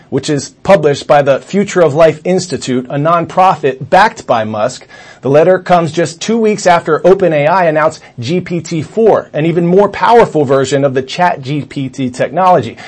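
A male news anchor reading a scripted news intro in a steady, formal way. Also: on the high side.

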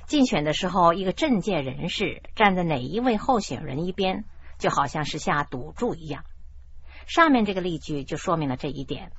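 A woman hosting a radio language lesson who explains idioms in a measured, explanatory way. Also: on the low side, lively intonation, slight background noise. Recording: dull lo-fi radio broadcast.

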